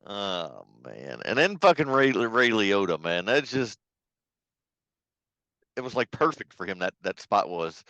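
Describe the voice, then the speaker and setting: A man co-hosting a podcast, chatting casually about a film, profane and quick to laugh. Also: fairly low pitch, very animated, fairly bright tone, no room sound, dull audio. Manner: loose, profane, laughing storyteller. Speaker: podcast co-host. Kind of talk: casual movie review chat.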